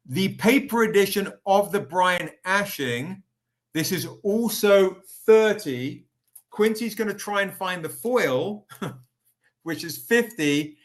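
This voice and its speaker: A man's voice: high-pitched, a bit bright. Upbeat man hosting a live sales stream. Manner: upbeat, chatty, calls out viewers by name. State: recovering, tired. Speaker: live stream host selling comics.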